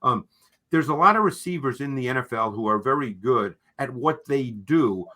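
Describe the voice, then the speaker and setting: A man's voice: mid-range voice, expressive, moderate pace, bright, forceful tone. A man co-hosting a football analysis talk, explaining players in an emphatic, explanatory way and often checking in with "okay?". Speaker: football film analyst, co-host. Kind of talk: analytical sports discussion.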